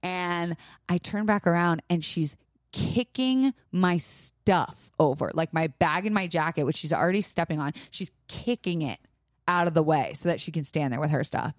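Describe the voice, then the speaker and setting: A young woman co-hosting a podcast, telling a story in casual chat, animated and profane, acting out quotes loudly. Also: fairly low pitch, moderate pace, no echo, studio quality. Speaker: podcast co-host.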